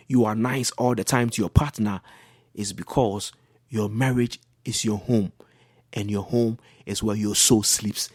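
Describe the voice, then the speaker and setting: A man's voice: lowish voice, a little mellow, no room sound, clean studio sound. A man, a pastor on a talk show, teaching about marriage in an earnest, repetitive preaching style.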